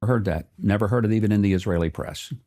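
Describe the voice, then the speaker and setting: A man's voice: lowish voice, fast talker, warm tone. A man answering interview questions as a government official, folksy and evasive.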